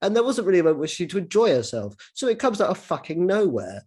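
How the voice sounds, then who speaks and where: A man hosting a casual podcast chat, excitable, stumbling over restarts and swearing freely. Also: high voice, fast, husky. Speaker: podcast host.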